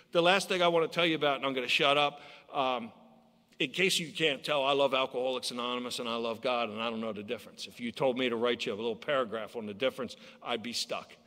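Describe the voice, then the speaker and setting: A man tells his recovery story to a conference crowd, acting out the voices of the people in it. His voice is bright and forceful. The sound rings with the long reverb of a large hall. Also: medium pitch, fast. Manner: storytelling, acts out quoted voices. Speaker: AA speaker.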